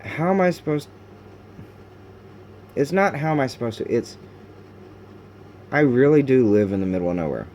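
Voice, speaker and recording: A man recording a confessional video diary at home, talking in halting, raw bursts with many restarts and fillers, frustrated and sometimes cursing. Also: mid-range voice, lively intonation, a little mellow, a little hiss or hum. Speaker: video diarist.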